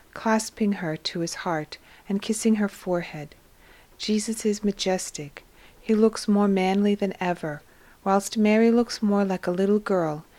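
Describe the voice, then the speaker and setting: A woman narrates a devotional story at a mid pitch. Her reading is slow, soft and reverent, with a hushed touch. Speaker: reader of devotional text. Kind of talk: scripted narration.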